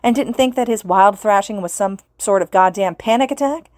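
A woman's voice: medium pitch, moderate pace, no echo, studio quality, voice pushed up, natural voice. A woman reading the lines of a teenage boy hero student, pleading and choked with emotion, in an audiobook fan reading. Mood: furious.

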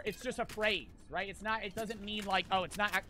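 Young guy streaming, bright sharp voice, swears a lot, rambles on while he plays. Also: high-pitched, fairly quick, slight background noise. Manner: rambling, profane, trash-talking. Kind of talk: casual storytelling while gaming.

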